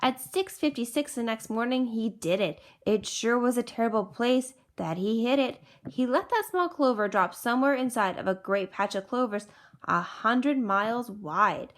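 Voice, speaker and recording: A woman teacher reading a rhyming picture book aloud in a rhythmic, expressive way. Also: a little high, moderate pace. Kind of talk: storybook read-aloud.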